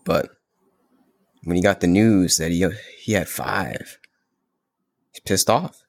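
Laid-back male guest, low-pitched, relaxed spiritual chat, gropes for words. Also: slow, vocal fry. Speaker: podcast guest. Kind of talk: casual spiritual conversation.

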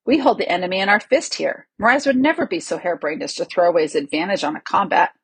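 A woman reading the part of a cunning, smooth-talking male lord with a measured, insinuating manner. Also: fairly low pitch, no echo.

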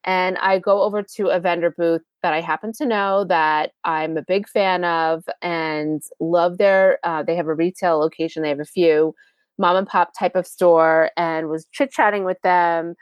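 A woman's voice: fairly low pitch, steady tone, normal speed, no room sound. A woman hosting a podcast, telling a personal story in a chatty, conversational way with asides to the listener. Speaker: podcast host.

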